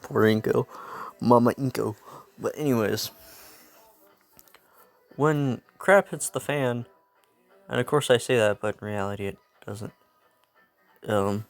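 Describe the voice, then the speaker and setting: Gravelly young man rambling through a story. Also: mid-range voice, unhurried, long pauses, soft background music. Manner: rambling, self-interrupting, laughs at himself. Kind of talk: casual improvised fan story narration.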